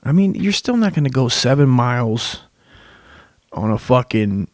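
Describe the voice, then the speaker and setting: A man's voice: medium pitch, sing-song, unhurried, no echo. A young man delivers a loose, profane comedic rant as a podcast host, swearing constantly and drifting from one tangent to the next. His voice sits in an ordinary middle register, and he is recorded close on a dry mic with no room sound. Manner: crude, rambling, swears constantly. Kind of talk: rambling profane comedic monologue.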